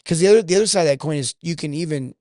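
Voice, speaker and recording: Fast-talking man from California. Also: fairly high pitch, a little mellow, no echo, clean studio sound. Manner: storytelling that acts out both sides of conversations. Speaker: sales coach, podcast guest. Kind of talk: casual podcast conversation.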